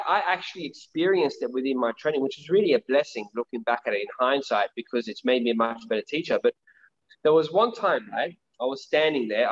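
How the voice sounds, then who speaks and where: A man's voice: medium pitch, fairly bright tone. Rambling man, dull lo-fi sound. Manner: rambling with frequent restarts. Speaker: martial arts teacher being interviewed. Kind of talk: casual storytelling in an interview. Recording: dull lo-fi audio.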